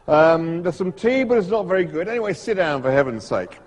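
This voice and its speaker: A man's voice: high voice, sing-song, a little fast. A man voicing a grumpy older Australian snake-venom expert in a brusque, fussy, grumbling manner. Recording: long hall reverb.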